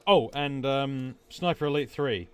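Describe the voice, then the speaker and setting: A man's voice: mid-range voice, unhurried, fairly bright tone. A young man with an accent that drifts partly American, rambling casually and swearing during a late-night gaming stream. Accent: mixed, partly American. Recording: noisy with game gunfire.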